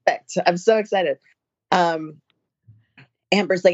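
A woman powerlifter, a guest in a casual interview, telling stories excitedly with laughs and acted-out quotes. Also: on the low side, moderate pace, pauses often, no echo, highs cut off. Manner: excitable, laughing storyteller, acts out others' voices.

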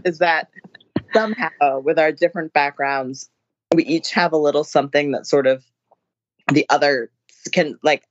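A woman powerlifter, a guest in a casual interview, telling stories excitedly with laughs and acted-out quotes. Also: sits low, normal speed, no room sound. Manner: excitable, laughing storyteller, acts out others' voices.

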